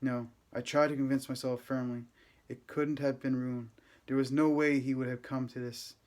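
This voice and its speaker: A man reading a first-person novel aloud, with steady, gentle, unhurried storytelling. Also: mid-range voice. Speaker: audiobook reader.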